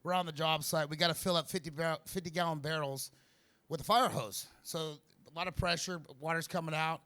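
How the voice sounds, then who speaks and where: A man's voice: a little high, fairly even intonation, pushed and bright, clear, resonant tone. A nervous man doing amateur stand-up, telling rambling jokes with lots of fillers and restarts. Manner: rambling, halting delivery with many fillers and restarts. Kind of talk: stand-up comedy set. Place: small comedy venue in a vape shop.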